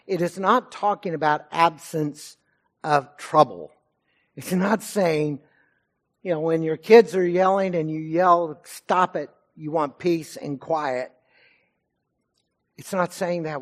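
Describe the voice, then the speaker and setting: A male pastor delivering a sermon in a fairly high voice. He speaks slowly and deliberately, letting his intensity swell and then drop back down. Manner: preaching with rising and falling intensity.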